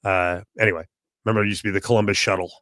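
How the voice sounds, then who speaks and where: A man's voice: sits low, little pitch movement, racing, a bit bright, no room sound, clean studio sound. A man co-hosting a sports radio show, bantering and teasing his partner in casual talk.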